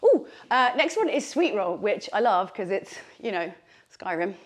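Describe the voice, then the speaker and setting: A woman's voice: medium pitch, sing-song, moderate pace. Breathless woman coaching a workout. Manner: chatty, encouraging, with fillers like "like" and "okay". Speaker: fitness instructor. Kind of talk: workout instruction.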